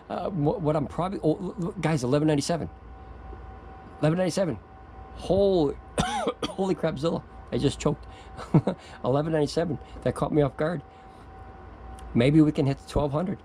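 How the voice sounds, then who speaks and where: Gravelly guy rambling through a review, mellow voice, stammers a lot, gets giddy, bit of outdoor noise. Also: medium pitch, poor audio. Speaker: product reviewer. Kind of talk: excited off-the-cuff video review.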